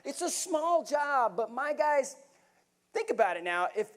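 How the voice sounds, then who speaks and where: Middle-aged male keynote speaker, fairly high voice, animated storyteller. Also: unhurried. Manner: vivid, animated storytelling with bursts of laughter. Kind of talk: storytelling talk to a live audience.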